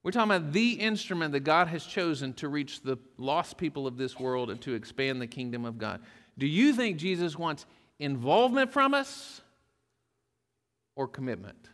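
Man, pastor, lightly raised pitch, folksy sermon delivery, long church-hall reverb. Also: lively intonation, normal speed, a bit bright. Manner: folksy storytelling with humor.

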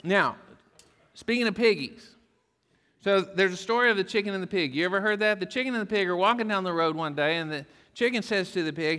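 A man preaches a sermon in a slightly high voice, telling jokes and folksy stories along the way. His words ring out with a long reverb, as in a church hall. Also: animated, a little fast, bright, forceful tone. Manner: folksy storytelling with humor. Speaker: pastor.

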